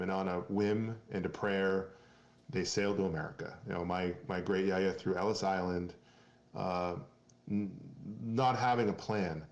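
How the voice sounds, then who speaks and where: Earnest, low-voiced man from Maine. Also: reverberant, muffled recording. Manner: earnest, rambling, many restarts. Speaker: guest, company founder. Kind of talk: casual podcast interview.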